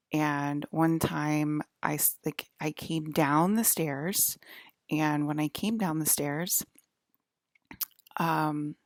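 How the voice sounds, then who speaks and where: A young woman with a low voice tells a long personal story in loose, casual speech. She rambles and fills her talk with fillers and swearing, and laughs often along the way. The sound is dry and close, with no room around it. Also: no room sound. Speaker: vlogger.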